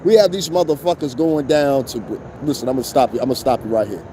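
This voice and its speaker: A man's voice: medium pitch, lively intonation, fast talker, dark tone, a little hiss or hum. A man hosting a show, ranting in blunt, profane commentary with rhetorical asides to his listeners. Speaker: show host. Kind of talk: unscripted commentary rant.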